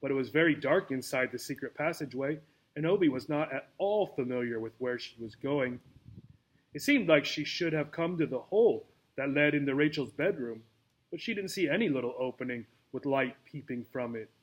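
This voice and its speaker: A man's voice: medium pitch, expressive, a little fast. Man reading a children's book aloud. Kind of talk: storybook read-aloud.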